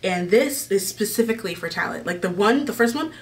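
A woman's voice: mid-range voice, lively intonation, brisk, far from the mic. A woman YouTuber chatting casually in a vlog, rambling along with lots of "like" and "um" fillers. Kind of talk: casual chat.

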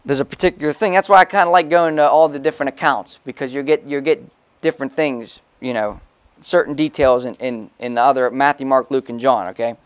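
A male pastor preaching a sermon in a relaxed, talkative way, stopping to read scripture aloud and adding quick asides. His voice sits at a middle pitch. The recording is dry and close, with little room sound. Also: clear, resonant tone, no echo. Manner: casual preaching, reads scripture aloud, frequent "okay?" asides. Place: church.

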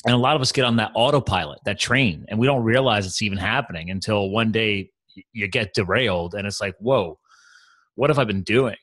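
A man's voice: lowish voice, quick pace, fairly bright tone, no room sound. A man talking as a podcast guest, earnest and open, telling personal stories casually with lots of "man" and "like". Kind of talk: candid conversational storytelling.

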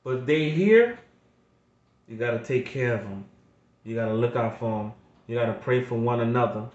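A middle-aged man, a grandfather, speaking slowly and emotionally, repeating himself like a preacher as he talks to his viewers, close to tears. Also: mid-range voice, echoey room, highs cut off. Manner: slow, repetitive, preacher-like appeals. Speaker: vlogger. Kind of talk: emotional heartfelt monologue.

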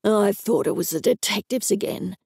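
An Australian woman voicing a gruff, irritable male builder. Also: mid-range voice, measured pace, darkish tone, no echo, studio quality. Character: gruff grumpy male builder, middle-aged.

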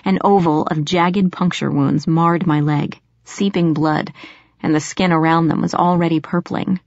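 A woman giving steady, measured first-person audiobook narration. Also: sits low, no room sound. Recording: dull lo-fi audio.

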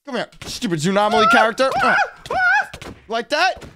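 A man voicing an excitable, boastful young boy gamer who panics easily in a Minecraft roleplay. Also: high-pitched, moderate pace, very noisy. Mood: panicky.

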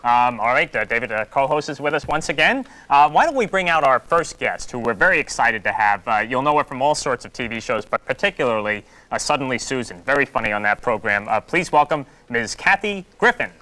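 A man hosting a comedy talk show, speaking in a halting, hesitant way full of pauses and filler words. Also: medium pitch, animated, bright, forceful tone, rough recording.

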